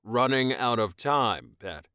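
A man doing a gruff alien commander. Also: medium pitch, expressive, takes it slowly, sharp tone, no room sound, studio quality, heavily acted. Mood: curt. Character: commanding male alien shifter leader, gruff. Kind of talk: audiobook character voice.

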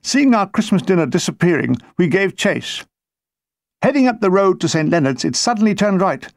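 A man's voice: high voice, big pitch swings, normal speed, dry recording. A man reading his own wartime memoir aloud, with a dry comic storytelling manner. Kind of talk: audiobook narration.

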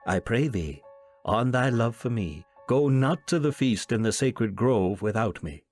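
A man's voice: medium pitch, expressive, measured pace, a little mellow, soft background music. A man voicing a fearful young huntsman, earnest and pleading in archaic speech.

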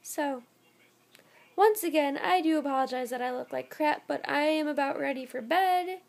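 A woman's voice: sits high, moderate pace, vocal fry. A young woman vlogging at home at night, very tired and yawning, rambling in a scattered way. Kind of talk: casual vlog to camera.

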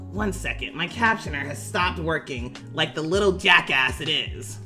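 A man's voice: a little high, lively intonation, a little slow, sharp tone, faint music behind, full character voice. A man voicing a self-assured female professor, formal in greeting but swearing in casual asides, on a live stream. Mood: chatty.

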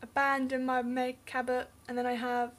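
A woman's voice: high-pitched, completely flat delivery, normal speed. A young English woman talking casually through her bookcase, rambling and unsure, often trailing off into mumbles. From England. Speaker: book vlogger.

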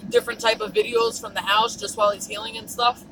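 A woman's voice: a little high, flat delivery, fast, noisy background. A woman vlogging in a car and at dumpsters, chatting casually and telling a story in fits of giggles. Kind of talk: casual vlog chat.

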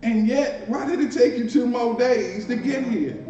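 This is a male minister with a very high-pitched, mellow voice, preaching at a measured pace. His sermon, delivered in a church sanctuary with a D.C. accent, is conversational, with playful asides and repeated words. The sound is distant and roomy, dull, with faint hiss.

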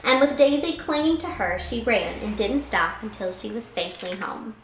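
There's slight background noise as a woman with a voice on the high side reads a picture book to children at a normal speed. She tells it like a teacher would, with animated expression and little asides. The recording is echoey and roomy.

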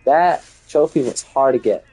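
A man's voice: mid-range voice, normal speed, dark tone, slightly rough, faint music behind. A young man chatting casually while streaming a horror game, laughing often and switching between English and Spanish. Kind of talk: casual live gameplay chat.

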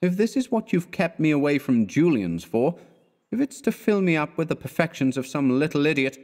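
A man's voice: mid-range voice, very animated, brisk, big-room sound, voice pushed up, lightly acted. A man voicing an exasperated young male art student who scolds his friend with scorn.

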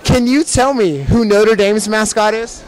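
A man's voice: high voice, unhurried, some chatter behind, a little hiss or hum. A teenage boy hosting a school news quiz segment, playful and coaxing as he gives hints. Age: teens. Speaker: student quiz host. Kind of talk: hallway quiz segment, upbeat.

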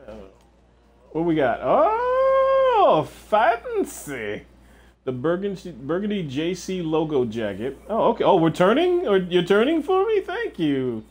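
A man's voice: sits high, big pitch swings, normal speed, a little mellow. Profane young man streaming a game. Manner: casual and profane, answering chat. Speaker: livestreamer. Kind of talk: casual gameplay chat.

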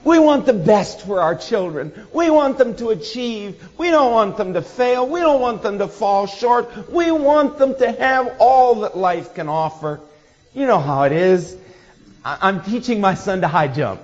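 Slow-paced, high-voiced male preacher, dull recording in a large hall. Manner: expressive, acts out quoted voices with laughter. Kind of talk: sermon.

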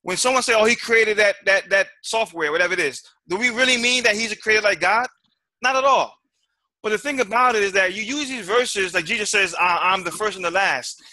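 A man's voice: sits high, brisk, bright, forceful tone, no room sound, clean studio sound. A man giving a timed debate rebuttal, emphatic and full of rhetorical questions, often repeating words as he presses his point.

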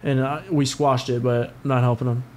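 A man's voice: mid-range voice, moderate pace, a little hiss or hum. A man co-hosting a podcast in casual chat, telling stories with plenty of profanity. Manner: profane, animated storytelling. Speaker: podcast co-host.

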